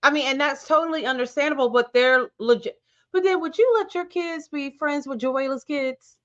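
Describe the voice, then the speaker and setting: A woman's voice: high-pitched, normal speed, a bit bright, lo-fi sound. A woman guest in a casual chat, giving teasing, opinionated takes on a reality TV episode. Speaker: guest co-host.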